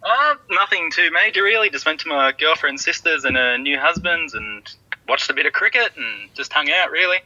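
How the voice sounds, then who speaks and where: A man from Australia with an Australian accent, a guest on a video call, answering briefly and relaxed. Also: on the high side, moderate pace, dry recording. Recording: muffled, lo-fi online call audio.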